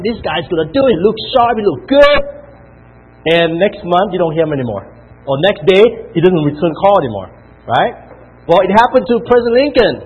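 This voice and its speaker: Husky animated man giving a pep talk. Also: fairly high pitch. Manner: animated, repetitive, rhetorical questions. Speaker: business leader giving a motivational talk. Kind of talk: motivational talk to a team. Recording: tinny phone-like sound.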